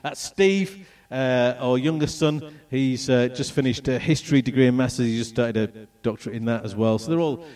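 Middle-aged man from England, animated testimony speaker, mid-pitched voice, distant mic. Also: normal speed, hardly any pauses. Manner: animated storytelling, acts out voices and moments. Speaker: speaker telling his testimony. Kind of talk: personal testimony talk with slides.

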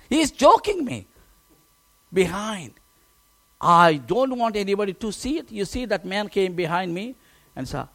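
A pastor telling a personal testimony in a sermon, emotional and animated, often restarting his words. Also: extremely high pitch, normal speed.

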